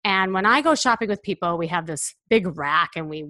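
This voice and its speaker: A middle-aged woman, a personal stylist, telling a story about a client in a lively way, acting out the dialogue. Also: lowish voice, fairly quick, no room sound. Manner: lively, acts out dialogue in quotes.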